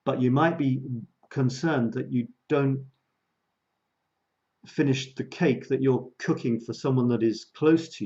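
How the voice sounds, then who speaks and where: Man, creativity coach, live stream talk, chatty and self-mocking, warm mellow tone, dull lo-fi audio. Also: medium pitch. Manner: chatty, self-mocking, laughs often, repeats words.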